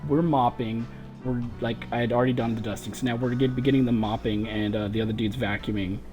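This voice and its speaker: A man's voice: medium pitch, fairly even intonation, fast, a little mellow, highs cut off, soft background music. A man livestreaming a game, telling a long profane story in a frustrated casual rant and laughing through it. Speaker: gaming livestreamer.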